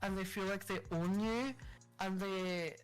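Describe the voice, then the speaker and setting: A woman co-hosting a podcast, telling customer service stories in a casual, animated way, acting out angry customers and swearing freely. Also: medium pitch, a little slow, clean tone, faint music behind, rough recording. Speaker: podcast co-host. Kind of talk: casual storytelling chat.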